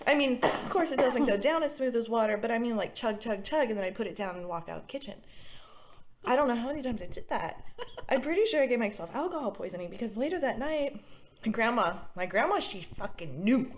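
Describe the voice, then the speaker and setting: A young woman co-hosting a podcast, telling a story in an animated way, laughing and acting out the voices of the people in it. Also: fairly high pitch, fast talker. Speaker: podcast co-host. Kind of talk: casual storytelling chat.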